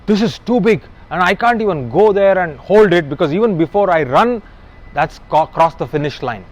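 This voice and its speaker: A man's voice: high voice, lively intonation, moderate pace, dull audio. A man voicing a nervous young village suitor who talks hesitantly, half to himself.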